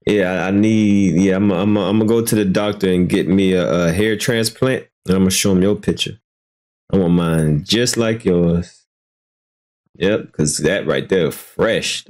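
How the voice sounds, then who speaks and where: A man hosting a live stream, answering insults with sarcastic jokes and calm talk. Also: fairly low pitch, a little slow, long pauses. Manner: sarcastic, joking back. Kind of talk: casual live-stream commentary.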